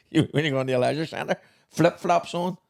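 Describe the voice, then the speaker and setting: A man's voice: fairly high pitch, normal speed, vocal fry. A man, co-hosting a casual podcast, throwing in dry remarks and local sayings and telling his own stories with plenty of swearing. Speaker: podcast co-host. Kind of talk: casual chat.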